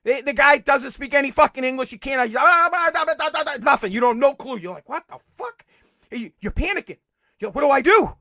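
A middle-aged man with a strikingly high voice hosts his own podcast. He rants heatedly and profanely, sometimes breaking into shouts, and his voice sits close and dry with no room sound. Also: animated, fast, creaky, dry recording. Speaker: podcast host. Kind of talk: political rant.

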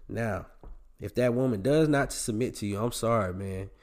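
A man's voice: on the low side, normal speed, darkish tone. A man hosting a podcast, delivering a blunt, preachy monologue straight to his male listeners and swearing freely as he goes. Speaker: podcast host.

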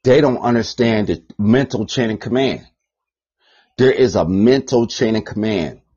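Man, profane rambling rant, husky, dull lo-fi recording. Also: on the low side, unhurried. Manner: profane, rambling, repeats phrases, swings between loud and muttered. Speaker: podcast host. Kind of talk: ranting monologue.

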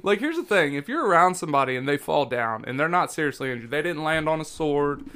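A man's voice: a little high, very animated, fast talker, sharp tone, clear, resonant tone. A man hosting a podcast in casual chat, joking in a laid-back way. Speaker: podcast host.

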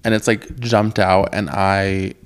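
A man's voice: sits low, level tone, slow. A young man co-hosting a casual chat podcast, chatty and dramatic, his speech full of "like". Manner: chatty, dramatic complaints, lots of "like". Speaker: podcast co-host.

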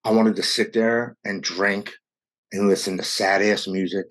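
A man candidly telling a raw personal story in an interview, speeding up and slowing down as the emotion rises. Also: fairly low pitch, steady tone, a bit bright. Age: adult with young children. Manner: earnest, raw, quickens and slows with emotion. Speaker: guest sharing his recovery story.

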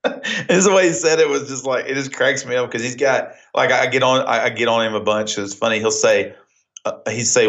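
A man's voice: mid-range voice, a little fast. A man from Oklahoma with a Southern Oklahoma accent, telling stories in a casual podcast chat and laughing often. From Oklahoma, USA. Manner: animated storyteller, laughs often. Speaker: podcast guest. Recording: dull lo-fi sound.

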